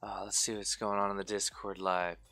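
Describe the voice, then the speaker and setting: A man chatting casually with viewers on a live stream while he paints miniatures. He is sleepy and slurs his words, talking in a relaxed, rambling way. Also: lowish voice, brisk, no echo.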